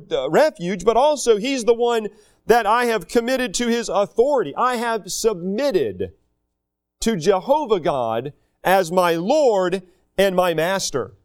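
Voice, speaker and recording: A man preaching a sermon, teaching through a Bible passage in an unhurried way and stretching out key phrases for emphasis. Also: high voice.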